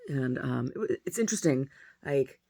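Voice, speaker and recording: A woman, a painter and poet, chatting casually and at length, rambling softly with many restarts. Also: extremely low pitch, animated, moderate pace, husky, no echo. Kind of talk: casual monologue.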